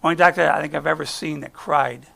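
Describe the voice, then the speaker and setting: A man's voice: on the high side, steady tone, fast, creaky, sharp tone. A middle-aged American man giving a conversational guest sermon, chatty and folksy, often trailing off and restarting. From United States. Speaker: guest speaker. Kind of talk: conversational sermon with personal stories.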